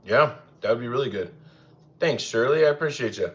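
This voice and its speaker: An animated, brisk young man with a slightly bright voice hosts a relaxed cooking stream, talking easily and at length with his viewers. He uses a higher voice for his dogs. Expect a slightly dull, lo-fi recording.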